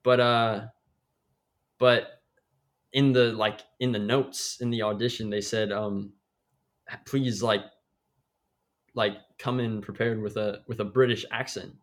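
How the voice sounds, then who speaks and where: A young actor tells a story in a hesitant, easygoing way. He pauses often and fills the gaps with ums and uhs. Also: fairly low pitch, steady tone. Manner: hesitant, many fillers. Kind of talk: casual storytelling.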